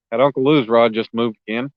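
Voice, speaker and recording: A man hosting a casual night fishing livestream, chatting easily with viewers and often clearing his throat. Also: medium pitch, no echo, highs cut off. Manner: laid-back, frequent throat clearing, reads chat aloud. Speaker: livestream host. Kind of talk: casual chat with live viewers. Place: outdoors at a riverbank at night.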